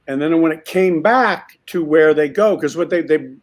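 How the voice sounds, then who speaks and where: A man acting as a guest on a call, telling a set story in a lively way with quick voices for the people in it. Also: a little high. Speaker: actor guest. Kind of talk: casual anecdote telling.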